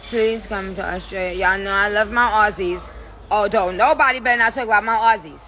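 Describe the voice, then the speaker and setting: A woman's voice: mid-range voice, brisk, pushed and bright. A woman hosting her own live stream from her phone, talking loosely and playfully, swearing and trailing off mid-sentence. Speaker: livestream host. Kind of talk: casual livestream chat.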